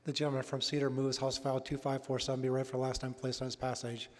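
A man presiding over a state legislative floor session, calling motions and votes in a steady, rote manner. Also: mid-range voice, quick pace, slight background noise. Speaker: presiding speaker of a state house. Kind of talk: formal procedural chairing. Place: legislative chamber. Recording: echoey hall from a chamber mic.

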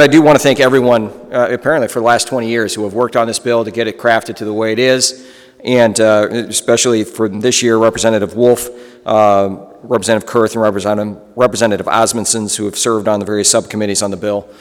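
A man speaking as a state representative on the floor, halting and restarting as he thanks colleagues. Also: lowish voice, fairly even intonation. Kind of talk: formal floor speech. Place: legislative chamber. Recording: long reverb of a large chamber.

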